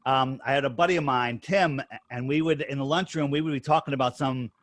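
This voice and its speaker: A man's voice: medium pitch, fairly bright tone, dry recording. Emphatic storytelling man, dry close sound. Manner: emphatic, storytelling, quick bursts. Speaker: podcast guest. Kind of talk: casual interview talk.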